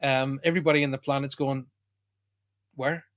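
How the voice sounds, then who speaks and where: A man's voice: mid-range voice, fairly even intonation, normal speed. An Irish man hosting a live online show, chatting casually and greeting viewers by name. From Ireland. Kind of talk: casual live-stream chat.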